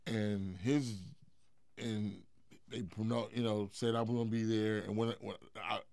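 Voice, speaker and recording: Gravelly middle-aged man telling stories. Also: lowish voice, measured pace, no echo, studio quality. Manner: animated, profane storyteller who swings into loud acted quotes. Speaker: interview guest. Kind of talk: storytelling in a sit-down interview.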